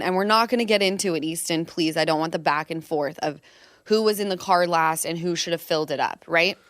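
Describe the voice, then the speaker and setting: A woman in her thirties hosting a podcast, chatty and quick to laugh, telling long anecdotes about family life. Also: lowish voice, a bit bright, no room sound, clean studio sound. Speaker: podcast host. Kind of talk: casual chat.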